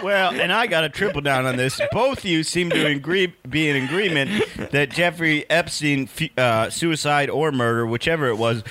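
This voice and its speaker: A man co-hosting a comedy podcast, calmly explaining his point while stumbling and restarting. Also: on the high side, normal speed, few pauses, slight background noise. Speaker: podcast co-host. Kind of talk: casual comedic podcast banter.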